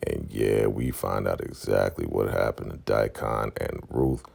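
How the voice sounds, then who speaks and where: A man giving a casual episode recap as a vlogger, retelling scenes with animated storytelling. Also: a bass voice, a little slow, vocal fry, husky.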